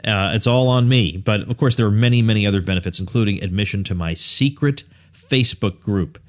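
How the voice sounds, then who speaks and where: Guy hosting a podcast, low smooth radio voice, chatty, laughs a lot. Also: brisk. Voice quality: radio-style voice. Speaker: podcast host. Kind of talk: casual interview chat.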